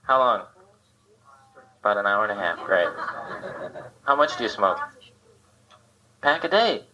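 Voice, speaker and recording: A man's voice: lowish voice, big pitch swings, measured pace, pushed and bright. A man performing a live stand-up comedy set at a club, dry and self-deprecating, riffing with the crowd. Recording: dull lo-fi 1980 live tape with hiss. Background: audience laughter.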